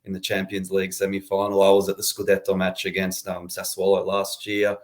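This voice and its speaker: A young Australian man talks easily and chattily as a podcast guest. His voice sits low and hardly rises or falls, keeping an even, laid-back line. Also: fairly quick. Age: 20s. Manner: relaxed, chatty, laughs easily. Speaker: guest, supporters' club founder. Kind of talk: casual podcast interview.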